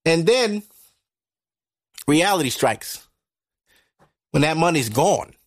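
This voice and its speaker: A man hosting a podcast, talking through a casual monologue into a microphone in a blunt, profane, animated way. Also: fairly high pitch, slow pace, no echo, studio quality. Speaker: podcast host. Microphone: studio microphone.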